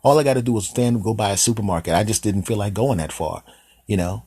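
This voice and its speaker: A man voicing a streetwise, defensive male alley cat who talks fast and indignantly. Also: on the low side, warm tone, breathy edge, no echo.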